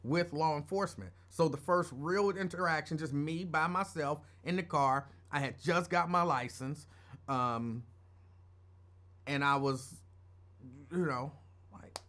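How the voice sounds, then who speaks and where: A man's voice: fairly high pitch, measured pace, pushed and bright. A middle-aged man hosting a show, telling a personal story in a casual, rambling way that drifts off topic. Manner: rambling, digressive, conversational. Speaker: radio show host.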